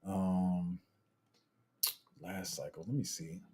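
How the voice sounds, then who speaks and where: Young guy doing a live q&a, slangy and chatty, kinda dark mellow tone. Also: deep voice, takes it slowly, a little hiss or hum. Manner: chatty, slangy, trails off and restarts while multitasking. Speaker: crypto livestream host. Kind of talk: casual live Q&A, reading chat.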